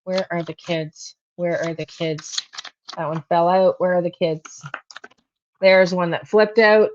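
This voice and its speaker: A woman's voice: lowish voice, a little slow, highs cut off, slight background noise. A woman hosting a true crime channel, talking to herself while she pulls tarot cards and repeats her questions to spirit.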